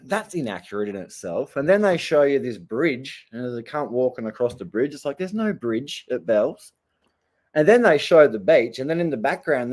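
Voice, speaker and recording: An Australian man who surfs and vlogs spins stories in a loose, blunt rant packed with profanity. His voice is medium in pitch with a darkish tone.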